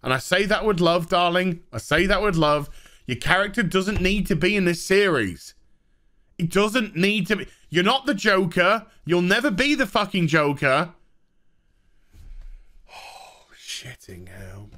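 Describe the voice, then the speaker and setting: A man's voice: high voice, animated, moderate pace, sharp tone. A man giving a sarcastic, profane TV review rant. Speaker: host. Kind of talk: ranting TV review.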